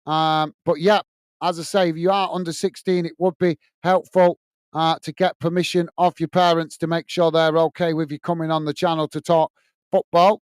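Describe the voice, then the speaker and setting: A chatty man hosting a live football watch-along, with a fairly high, smooth voice. He talks loosely to viewers in a dry, close recording with no room sound. He keeps slipping in "mate" between match updates. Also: flat delivery, normal speed, no echo. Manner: chatty, loose, often calls listeners "mate"; reads viewer comments aloud. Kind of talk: casual live-stream chat and match commentary.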